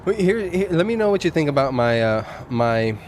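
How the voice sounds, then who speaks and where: A man hosting a podcast muses thoughtfully on life and culture in a casual, reflective conversation. His fairly high voice swings widely in pitch, with a moderate pace and a slightly mellow quality. It's set on an outdoor restaurant patio at night, with slight background noise.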